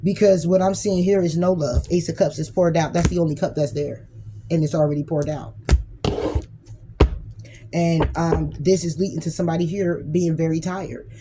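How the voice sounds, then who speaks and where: A woman's voice: deep voice, fairly even intonation, brisk, background noise. A woman giving a casual, blunt tarot reading who swears freely and acts out imagined arguments. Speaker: tarot reader.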